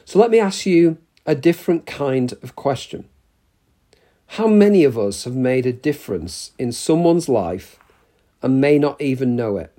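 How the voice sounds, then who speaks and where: Slow, warm-voiced male preacher. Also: medium pitch. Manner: slow, measured delivery with emphatic pauses. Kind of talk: sermon. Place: church.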